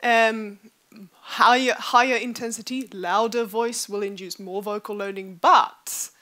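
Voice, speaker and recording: A woman's voice: on the high side, fairly even intonation, a little slow, sharp tone. A woman researcher giving a conference presentation, explaining her study with frequent fillers. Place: lecture hall.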